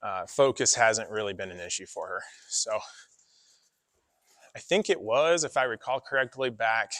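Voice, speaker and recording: A man training a horse in an arena, talking through his work in a relaxed, chatty way and coaxing the horse now and then. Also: on the low side, normal speed, dry recording, studio quality. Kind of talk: casual spoken explanation while working a horse. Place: outdoor horse arena with deep sand.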